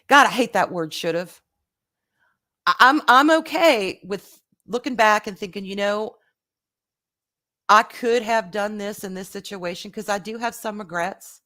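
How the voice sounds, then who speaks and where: A woman's voice: medium pitch, normal speed, long pauses, pushed and bright. A woman hosting a live vlog, talking earnestly and casually to her viewers, often repeating words as she restarts, and greeting them by name. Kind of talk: heartfelt casual talk to viewers.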